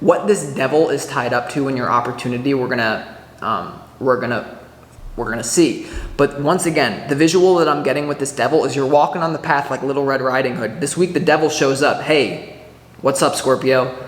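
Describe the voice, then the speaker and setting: A man giving a casual weekly tarot reading to camera, chatty and animated, full of restarts and filler words, acting out little scenes as he explains. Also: mid-range voice, a little fast. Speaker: tarot reader. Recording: echoey room with long reverb.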